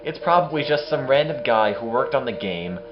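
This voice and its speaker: A man's voice: mid-range voice, lively intonation, fairly quick, dull audio, over music. A man streaming a game, giving casual, sarcastic commentary. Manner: sarcastic, joking.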